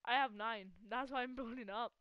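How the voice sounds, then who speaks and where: A woman giving casual live gameplay commentary as a gaming channel host. She is excitable, laughs often and teases a teammate. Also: fairly high pitch, moderate pace, clear, resonant tone, no echo, dull audio.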